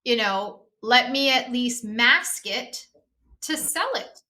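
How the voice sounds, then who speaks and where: Bright, high-voiced woman chef talking bluntly. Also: lively intonation, slow. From Canada. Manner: blunt, passionate, swears freely. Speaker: guest, private chef. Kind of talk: casual interview chat.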